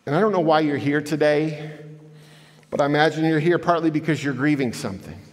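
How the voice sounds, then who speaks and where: A man's voice: fairly high pitch, a little fast. A man giving an earnest inspirational talk as guest speaker in a church, telling stories to the audience. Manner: earnest, conversational storytelling addressing the audience. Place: large church hall. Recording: echoey church hall.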